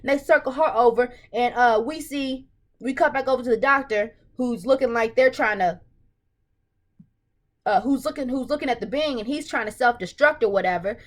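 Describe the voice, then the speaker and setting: A woman casually recapping a TV episode, retelling scenes with excited, acted-out reactions. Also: fairly high pitch, normal speed.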